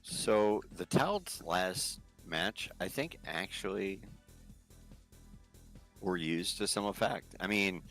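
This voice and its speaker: A man co-commentating a live match, relaxed and analytical in how he breaks down the play. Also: sits low, slow pace, soft background music.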